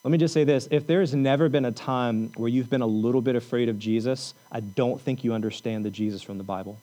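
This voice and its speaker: A man preaching a sermon, repeating lines for emphasis and telling the story with animated energy. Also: medium pitch, fast, low-quality recording. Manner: repetitive, emphatic preaching with rising intensity. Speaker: pastor.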